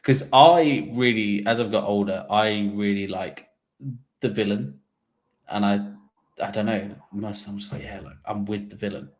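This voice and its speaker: A man guesting on a podcast trades stories and self-deprecating jokes in relaxed chat. His voice sits somewhat low. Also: moderate pace. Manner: self-deprecating, joking storyteller. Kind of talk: casual video-call chat.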